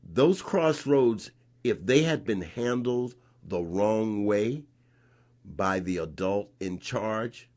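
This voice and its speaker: A man in his sixties from North Carolina, a guest in a conversation, telling a story in an animated way and re-enacting scenes with rising emphasis. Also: on the low side, slow pace. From North Carolina, USA. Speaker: interview guest.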